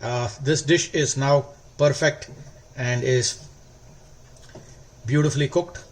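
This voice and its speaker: A man hosting a cooking video, explaining each step slowly and warmly praising the food. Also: medium pitch. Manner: slow, instructive, gently enthusiastic. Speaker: cooking show host. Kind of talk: cooking demonstration.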